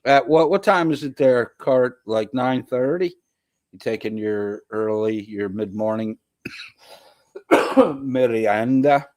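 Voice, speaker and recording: A man's voice: mid-range voice, takes it slowly, pauses often, a little mellow, no room sound. A man from the US East Coast hosting a casual livestream and reading chat comments aloud. He is congested with a sore throat and talks in a profane, rambling way. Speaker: livestream host.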